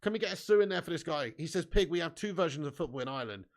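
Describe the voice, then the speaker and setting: A man hosting a live football watch-along, excitably commentating and reading out viewer comments with casual swearing. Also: a little high, very fast.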